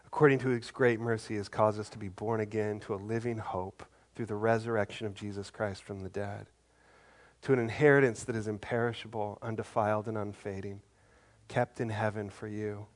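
A man's voice: fairly low pitch, fairly even intonation, a little fast. A man preaching a sermon in a conversational, earnest way, acting out the voices of the people in his stories. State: briefly choked up. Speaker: pastor.

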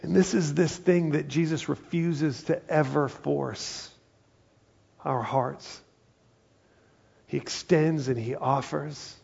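A man's voice: fairly high pitch, fairly even intonation, slow pace, gravelly, pauses often, darkish tone, slightly rough, lo-fi sound. A male pastor giving a conversational sermon, slipping into quoted voices as he tells a passage.

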